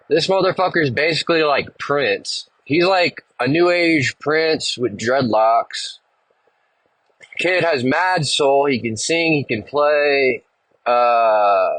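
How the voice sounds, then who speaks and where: A man's voice: medium pitch, a bit bright, no echo, rough recording. A male podcast host telling a long, rambling, profane story in a laid-back way. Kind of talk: casual storytelling monologue.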